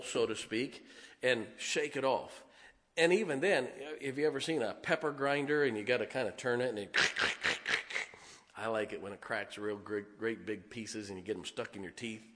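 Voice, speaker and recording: A man in the pulpit preaching in a plain, folksy manner, talking through his points with props in hand. His voice sits at an ordinary middle pitch. The sound carries a long reverb from a large hall. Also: a bit bright. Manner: folksy and conversational, demonstrating with props. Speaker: pastor. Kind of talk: sermon.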